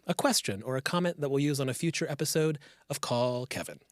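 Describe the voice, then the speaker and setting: A man hosting a casual podcast, talking in a relaxed, rambling and reflective way. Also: mid-range voice, quick pace, no echo, clean studio sound, faint music behind. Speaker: podcast host and comedian.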